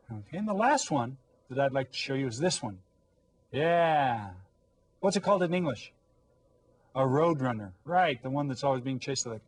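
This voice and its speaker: A man with a husky, breathy voice teaching young children, patient and encouraging. He explains each word slowly and asks the class to repeat after him. His pitch sits mid-range for a man. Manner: patient, encouraging, prompts kids to repeat words. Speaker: Spanish teacher. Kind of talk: recorded elementary language lesson.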